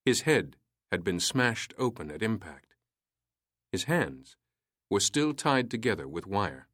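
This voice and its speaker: Man, story narration, measured, low voice, dry close sound. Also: no room sound. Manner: measured, steady reading.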